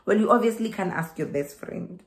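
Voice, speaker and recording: A young South African woman with a South African accent offers migration advice in a chatty vlog, laughing and repeating herself for emphasis. Her mid-range voice is brisk, with a roomy sound.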